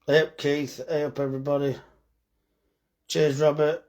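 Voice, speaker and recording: A man's voice: fairly high pitch, flat delivery, moderate pace, darkish tone. A tired man, chatting bluntly and joking with swearing while reading comments on a live phone stream about his butcher's shop.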